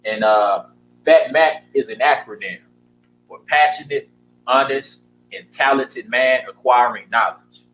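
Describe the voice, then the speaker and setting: A man hosting an online showcase, introducing performers in a relaxed way with frequent fillers. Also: mid-range voice, slight background noise, poor audio. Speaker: host.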